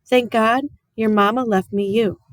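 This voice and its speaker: Soft-spoken tired preacher dad in a storybook reading, voiced by a woman, earnest and plain. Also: on the high side, fairly even intonation, a little slow, no echo, clean studio sound, natural voice. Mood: tender. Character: gentle, weary small-town preacher father.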